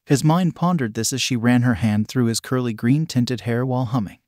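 A man reading fan fiction aloud in an even, literal narration. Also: medium pitch, moderate pace, dry recording, clean studio sound. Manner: even, literal reading, reads out sound words.

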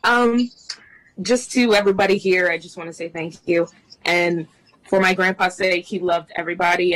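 A young woman, a grieving granddaughter, giving emotional thanks in a halting voice. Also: on the low side, a bit bright, dry recording, low-quality recording. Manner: tearful, halting. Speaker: grieving family member. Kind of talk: emotional public remarks.

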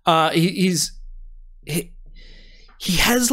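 A man narrating a tabletop game as game master, halting with many fillers and restarts. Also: a little high, a bit bright.

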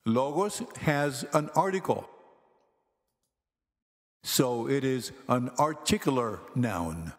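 A man teaching Greek grammar in slow, careful scripted narration, pronouncing each word deliberately. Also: mid-range voice, lively intonation. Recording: long hall reverb with faint music.

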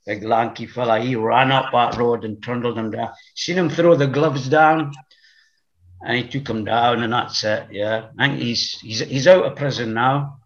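A man's voice: mid-range voice, steady tone, normal speed. Blunt Orkney man with a dull, lo-fi sound. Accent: Orkney Scottish. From Orkney Islands. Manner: rambling, repeats words, blunt opinions. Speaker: podcast guest. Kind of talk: casual interview chat.

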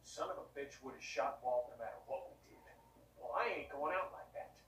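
A man's voice: medium pitch, expressive, a little fast, a bit bright, natural voice. An actor playing a defiant young male survivor who speaks tensely. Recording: distant roomy game audio with faint hiss.

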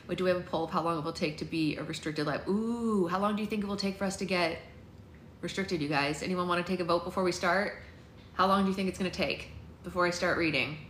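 A woman's voice: on the low side, bright, forceful tone. A woman hosting a book club livestream from home, chatting in a rambling way with viewers and reading aloud. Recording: roomy echo, faint noise.

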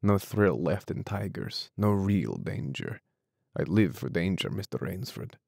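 A man's voice: lively intonation, gravelly, no room sound, clean studio sound, heavily acted. A man voicing General Zaroff, suave and menacing. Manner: courteous, slow and measured, drops low and quiet. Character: suave, menacing aristocratic hunter general, middle-aged man. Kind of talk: audiobook character reading.

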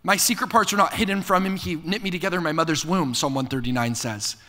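Bright-voiced young preacher in a hall. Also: male voice, a little high, fast. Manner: energetic, playful preaching with call-and-response jokes. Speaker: pastor. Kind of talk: sermon. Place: church hall before a live audience. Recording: long reverb of a hall.

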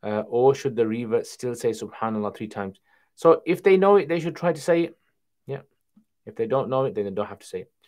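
Male host with a lower voice, reading out questions and answering off the cuff on a casual stream. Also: darkish tone. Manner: reads viewer questions aloud then answers conversationally. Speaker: Islamic Q&A livestream host. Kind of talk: casual livestream Q&A.

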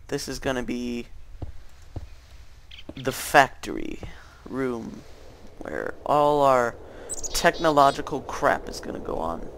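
A man's voice: medium pitch, a bit bright, a little hiss or hum. A young man rambling through casual gameplay commentary, hesitant, with many fillers and restarts. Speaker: gaming YouTuber.

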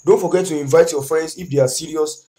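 A man's voice: on the high side, fairly even intonation, fast talker, warm tone. A man with a Nigerian accent teaching an exam revision lesson, who keeps asking his students "what?" and then answers himself.

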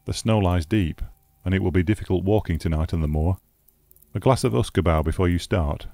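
Brief: man playing a low, dark-voiced embittered old scholar for an audiobook, declamatory. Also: gravelly, no echo, clean studio sound. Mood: calm. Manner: measured, declamatory. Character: bitter aging male scholar, eloquent recluse. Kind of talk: audiobook character reading.

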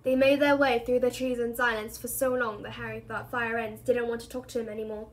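A woman reads a novel aloud in a steady storytelling voice that sits fairly high. She keeps a plain, even pace, with a few slips along the way. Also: fairly quick. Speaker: reader.

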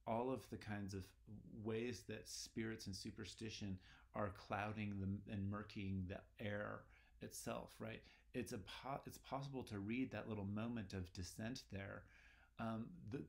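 A man's voice: fairly low pitch, gravelly. A man giving a casual literature lecture, talking in a rambling, conversational way with many fillers. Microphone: recorded lecture video.

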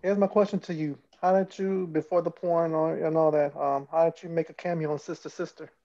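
Brief: male co-host, higher-pitched, flat delivery, dull distant sound. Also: fairly quick. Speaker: radio show co-host. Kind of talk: casual interview questions.

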